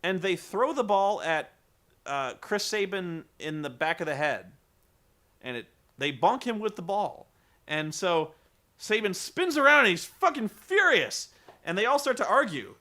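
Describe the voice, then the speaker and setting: Incredulous, lively high-voiced man. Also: measured pace. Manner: incredulous, rambling, swearing; acts out quotes loudly. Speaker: wrestling recap host. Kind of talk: comedic wrestling recap.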